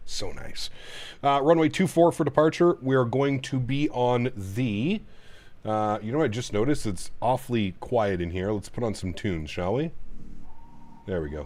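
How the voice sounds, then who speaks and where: A man's voice: lowish voice, a little mellow. A man streaming a flight simulator, chatting casually and thinking aloud as he sets up a flight at his home sim setup. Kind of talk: casual live-stream chat.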